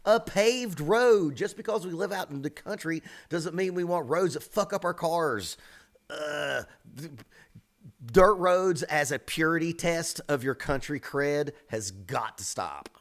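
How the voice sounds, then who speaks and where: A man, a drum teacher, giving casual, blunt reaction commentary on songs, swearing freely and stressing words with lively emphasis. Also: on the high side, unhurried.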